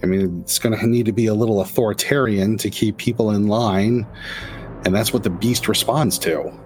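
A man's voice: on the low side, steady tone, moderate pace, faint music behind, lightly acted. A man voicing a tired, loyal male vampire ritualist who speaks earnestly and defensively. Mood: dutiful.

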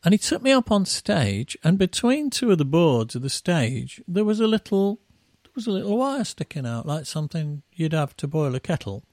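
A man's voice: a little high, very animated, moderate pace, few pauses, a little mellow, no echo, clean studio sound. A middle-aged man, a musician guest, telling rambling tour anecdotes and acting out the quotes. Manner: rambling, with acted-out quotes and laughs. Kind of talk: anecdotal storytelling.

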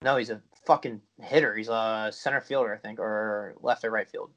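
Blunt, swearing fan on a podcast. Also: male voice, fairly low pitch, steady tone, normal speed, a bit bright. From Tampa Bay area, United States. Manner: blunt, emphatic, swears freely. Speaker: podcast co-host. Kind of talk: casual sports chat.

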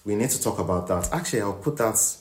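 Animated podcast co-host in a roomy room. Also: low-pitched, fast talker. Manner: animated storyteller, acts out quotes. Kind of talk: casual chat. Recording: roomy echo.

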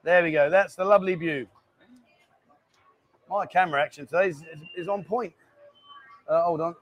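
A man's voice: high voice, normal speed. A man, hosting a casual live stream and bantering as he reads out viewer comments. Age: 50s. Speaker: host.

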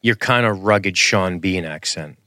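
A man's voice: low-pitched, unhurried, bright, forceful tone, dry recording, studio quality. A man co-hosting a podcast, riffing on a film in casual, profane banter. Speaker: podcast co-host. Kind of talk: casual film-review chat.

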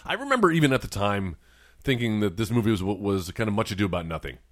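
A man's voice: lowish voice, very animated, fast, fairly bright tone. Man with a slight lisp, chatty. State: slight lisp from a swollen tongue. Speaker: podcast co-host. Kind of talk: casual chat.

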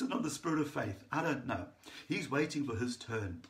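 A man preaching a sermon, telling a Bible story with lively enthusiasm and frequent restarts. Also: mid-range voice, moderate pace, slight background noise.

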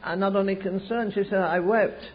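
An older man preaching a sermon, telling stories slowly and rising to fervent pleas. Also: high-pitched, steady tone. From England. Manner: storytelling with slow emphatic stretches, rising to fervent pleas. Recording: muffled lo-fi sermon recording.

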